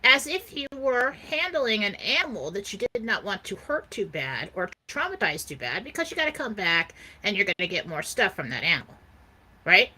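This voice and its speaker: A woman's voice: medium pitch, sing-song, normal speed, sharp tone, slightly rough. A woman co-hosting a talk show, speaking emphatically and insistently in casual chat. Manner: emphatic, insistent, repeats "okay?". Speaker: co-host.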